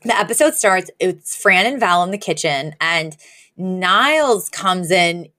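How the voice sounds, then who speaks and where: A woman's voice: fairly low pitch, animated, a little slow, bright, forceful tone. A woman co-hosting a podcast, chatting casually as she retells sitcom scenes. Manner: chatty, retells scenes with quoted lines and laughs. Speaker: podcast co-host. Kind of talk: casual chat recapping a sitcom episode.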